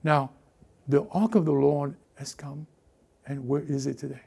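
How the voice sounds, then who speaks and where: A male pastor preaching a sermon in an animated way, acting out quoted voices and often restarting his sentences. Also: a little high, unhurried, vocal fry, breathy edge.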